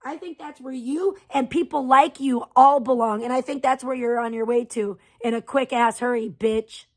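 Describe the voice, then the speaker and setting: A woman's voice: sits high, steady tone, normal speed. Furious profane woman ranting on stream. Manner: profane, heated, venting. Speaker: livestream host. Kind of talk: angry livestream rant.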